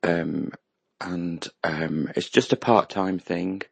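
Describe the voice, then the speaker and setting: A man's voice: deep voice, steady tone, takes it slowly, vocal fry, slightly rough, no room sound. An Englishman in casual online group chat, musing and hesitant, with many ums and restarts.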